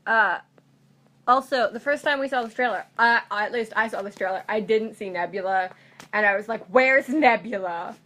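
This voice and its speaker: A young woman chatting casually about a movie trailer, talking in excited tangents full of "like". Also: medium pitch, a little fast. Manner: chatty, lots of "like", animated tangents. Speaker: movie fan co-host. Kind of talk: casual chat.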